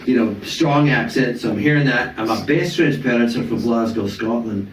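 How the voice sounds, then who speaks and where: A middle-aged man, a comedian and voice actor, telling stories in an animated, casual way and swearing freely. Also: mid-range voice, moderate pace, slight background noise. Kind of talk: casual storytelling chat. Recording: echoey room, distant mic.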